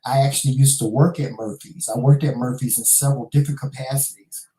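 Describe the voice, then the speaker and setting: A man's voice: medium pitch, fairly even intonation, fast, warm tone. A middle-aged man hosting a casual live chat show, talking straight to his viewers and calling them y'all, honey and child, often repeating himself. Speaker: talk show host. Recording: echoey room.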